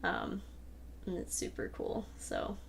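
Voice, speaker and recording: A woman's voice: slow, slight background noise. Chatty woman hosting a livestream Q&A. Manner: chatty, rambling with fillers and laughs. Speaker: host and creator of the audio drama. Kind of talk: casual livestream Q&A chat.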